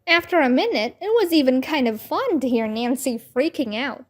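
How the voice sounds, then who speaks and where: A woman reading a children's book aloud with slow, careful, expressive storytelling. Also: sits high.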